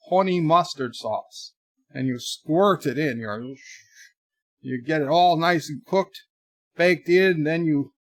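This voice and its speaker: A man hosting a casual livestream, rambling through deadpan joke answers to viewer messages in a put-on mock accent. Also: on the high side, no room sound, clean studio sound. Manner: rambling, jokey deadpan nonsense. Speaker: livestream host.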